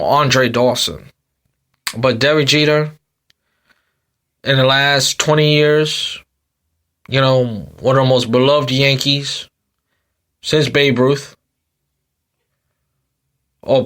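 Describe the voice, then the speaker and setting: A man's voice: medium pitch, a bit bright. A man in his thirties hosting a sports podcast, talking in a loose, rambling rant with many repeats and fillers, tired and yawning. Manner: rambling, repeats himself, frequent um and you know. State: sleepy, yawning. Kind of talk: casual sports commentary rant.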